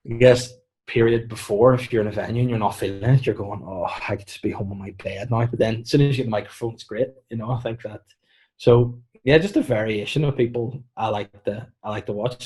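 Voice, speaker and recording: A man with a Northern Irish accent, a comedian guest chatting casually on a podcast, acting out quotes and giving deadpan mock warnings. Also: mid-range voice. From Northern Ireland.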